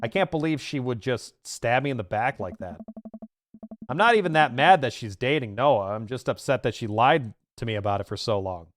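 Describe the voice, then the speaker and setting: A man's voice: mid-range voice, brisk, clean tone, faint music behind, natural voice. A man reading the lines of an upset teenage girl venting to her dad in a dating game, in a subdued, rambling way. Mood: hurt.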